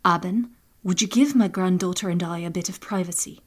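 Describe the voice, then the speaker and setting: Woman reading as a hushed caring grandmother. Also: on the low side, fairly quick, natural voice. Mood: tender. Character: older woman storykeeper, caring grandmother, worried.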